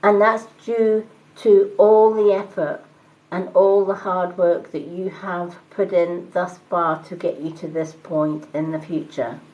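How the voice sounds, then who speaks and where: A woman doing live-stream tarot readings, talking calmly and reassuringly and greeting viewers by name. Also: on the low side, slow, lo-fi sound. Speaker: tarot reader and medium.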